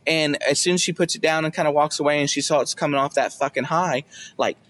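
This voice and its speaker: A young man on a casual podcast, swearing a lot and joking as he tells stories, now and then jumping up high to act out other people. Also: fairly quick. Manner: profane, jokey storytelling with loud high-pitched bits when he acts out others. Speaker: podcast co-host.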